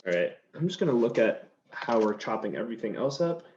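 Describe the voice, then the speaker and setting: A male chef gives a very animated, brisk cooking demonstration, chopping vegetables in a kitchen and chatting easily through each step. His voice is lowish with a darkish tone, and the recording is slightly dull with faint noise.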